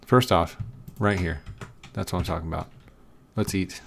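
A man's voice: sits low, normal speed, vocal fry, pauses often, a little hiss or hum. A man giving casual commentary while playing a block-building game, coaxing an animal along with frustrated, repeated commands. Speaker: gaming video creator.

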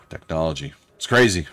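A let's play host, a man with a very deep voice, cracking sarcastic jokes and swearing casually as he plays. His pitch swings widely when he gets excited. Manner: joking, sarcastic, swears a lot. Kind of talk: casual gameplay commentary.

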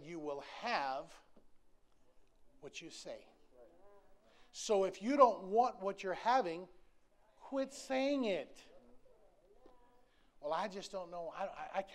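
A man's voice: high voice, a little slow, a bit bright. A man, preaching a sermon in an emphatic, folksy, repetitive way with touches of humor. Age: 60s. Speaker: pastor.

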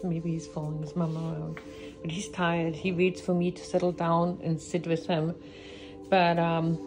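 A young woman vlogging about her pet dogs, talking casually and cooing to them in baby talk. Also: on the low side. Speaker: pet vlogger, dog owner.

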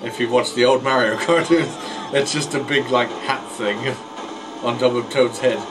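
Speaking at normal speed with fairly even intonation, this mid-range male voice narrates an online racing game casually. He makes fun of his own mistakes and stumbles verbally, over game music and some background noise.

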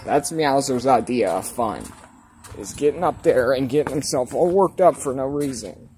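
A man's voice: medium pitch, normal speed, noisy background. A man filming his outdoor cats, talking to them in a laid-back, chatty, teasing way and explaining their habits. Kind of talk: casual vlog narration. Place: outdoors at home.

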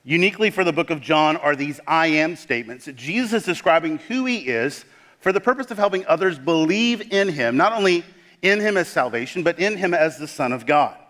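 A man's voice: fairly high pitch, expressive, fairly quick. Emphatic preacher man in a reverberant church. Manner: dramatic emphatic preaching, drops to a hush on key words. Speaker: pastor. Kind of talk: sermon. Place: church sanctuary. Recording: long hall reverb.

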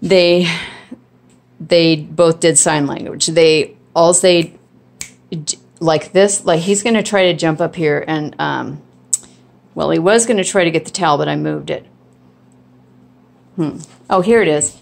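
A woman's voice: low-pitched, a little slow, gravelly, long pauses. A woman filming on a handheld phone in her home kitchen, casually showing dog training with a chatty, rambling delivery full of restarts and ums. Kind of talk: casual home video demonstration. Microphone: phone held in hand.

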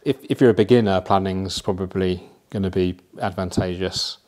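A man casually explaining how he plants an aquarium, chatty and relaxed, with frequent fillers and asides. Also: low voice, normal speed. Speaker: aquascaping presenter.

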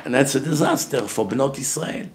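A man's voice: medium pitch, expressive, normal speed. A man giving a heated religious lecture as a rabbi, emphatic and blunt, asking questions and answering them himself. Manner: emphatic, grows loud and forceful when making a point.

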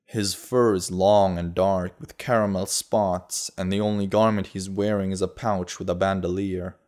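A man narrating a fantasy audiobook in a steady, measured way. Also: sits low.

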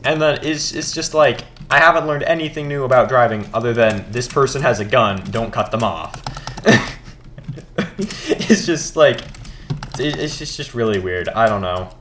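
A man's voice: medium pitch, normal speed, a bit bright. A teenage boy rambling casually while gaming, laid-back and mumbling with hesitant fillers. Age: teens. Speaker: gaming vlogger. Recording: faint background noise, keyboard clicks.

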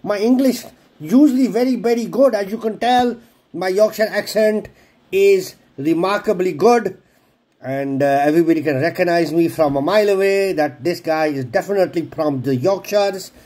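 A man's voice: high voice, moderate pace, a little mellow. A man presenting a home cooking video in a casual, jokey way, swearing freely and poking fun at himself. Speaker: home cook presenting a recipe.

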